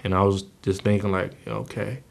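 A middle-aged man giving a personal testimony, speaking haltingly with many fillers and restarts, often quietly. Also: fairly low pitch, steady tone, vocal fry. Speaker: former gang member telling his story.

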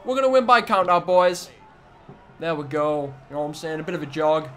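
A young man giving excitable let's-play commentary on a wrestling video game, trash-talking the opponent with sudden loud outbursts. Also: on the high side, brisk, a little hiss or hum. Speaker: gaming YouTuber.

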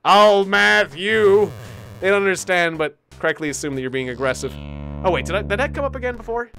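A woman's voice: on the low side, animated, rapid-fire, over music. A woman hosting a let's play, giving casual, giggly commentary and reading game text aloud.

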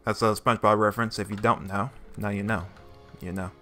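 A man's voice: lowish voice, fairly even intonation, brisk, pushed and bright. A young man giving casual, joking let's play commentary as he reads the game text aloud and laughs often. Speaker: gaming YouTuber. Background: faint game music.

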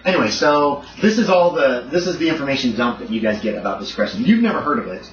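A man's voice: mid-range voice, lively intonation, fast talker. A man running a tabletop horror game as game master, explaining the story in a rambling, self-correcting way. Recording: distant, roomy, dull and noisy. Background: dog barking nearby.

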